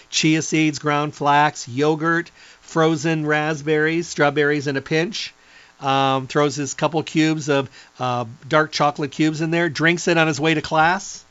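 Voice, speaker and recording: Chatty middle-aged guy selling a health drink, kinda high voice, dry dull sound. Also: fairly bright tone, no echo. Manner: chatty, enthusiastic, rambling lists. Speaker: product presenter and nutrition lecturer. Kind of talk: enthusiastic product pitch.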